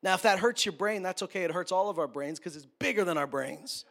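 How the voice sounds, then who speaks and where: A man preaching a sermon as a pastor, talking conversationally and joking with quick asides. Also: high voice, creaky, a bit bright.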